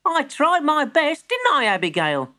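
Lady doing a earnest little boy voice, high and bouncy. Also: wildly swooping pitch, unhurried, sharp tone, exaggerated voice. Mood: eager, earnest. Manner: earnest, eager, polite. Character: earnest eager young boy. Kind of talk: storybook voice acting.

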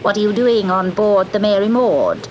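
A woman's voice: medium pitch, lively intonation, lo-fi sound, a little hiss or hum, lightly acted. Woman doing a spiteful sea witch. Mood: impatient. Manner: slow, chanting and sharp.

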